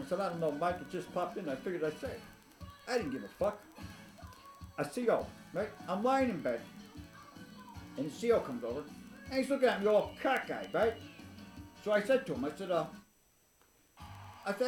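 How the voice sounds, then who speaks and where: A man's voice: high voice, big pitch swings, moderate pace, pauses often, faint music behind. A man telling rambling, blunt stories to the camera, swearing constantly and laughing at his own tales. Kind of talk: rambling profane storytelling. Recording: echoey room.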